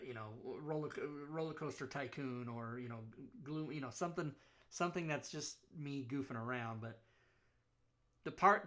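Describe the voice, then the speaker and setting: Bright, rambling male livestream host. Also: medium pitch. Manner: loose, rambling, joking with chat. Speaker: talk show host. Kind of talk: casual livestream chat.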